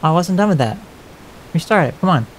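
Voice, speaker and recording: A man's voice: a little high, animated, a little fast, background noise. A man casually commenting as he plays a horror game, talking wryly to its characters. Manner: wry, chatty remarks to game characters. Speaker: let's play host.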